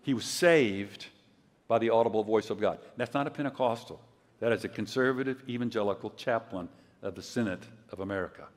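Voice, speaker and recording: An older man giving a conference sermon, telling stories in a conversational way and acting out quotes loudly. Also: on the low side. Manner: conversational storytelling, loud acted quotes. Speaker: preacher. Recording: long hall reverb.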